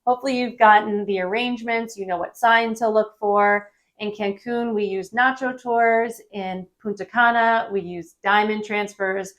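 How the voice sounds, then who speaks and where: A woman giving a casual travel-phrase lesson, friendly and repeating phrases slowly for learners. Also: medium pitch, fairly even intonation, a bit bright. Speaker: Spanish teacher.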